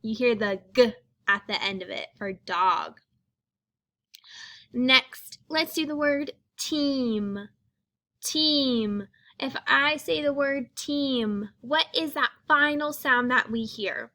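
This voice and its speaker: A woman's voice: high-pitched, takes it slowly, bright, forceful tone. A woman teaching young children a phonics lesson, speaking patiently and sounding out each letter.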